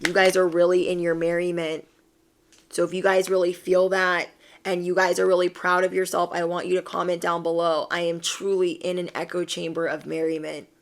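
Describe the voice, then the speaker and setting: Woman, young adult, tarot reader, casual and emphatic, encouraging, lower-pitched voice. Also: flat delivery, fairly quick. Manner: encouraging, emphatic, repeats phrases. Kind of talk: casual tarot reading to camera.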